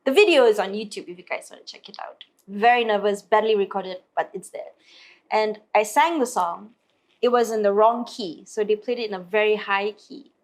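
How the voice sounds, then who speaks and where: A woman's voice: medium pitch, moderate pace. A woman, a singer telling stories as an interview guest and acting out other people's lines. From Malaysia. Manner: lively, acts out other people's lines in put-on voices. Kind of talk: storytelling in an interview.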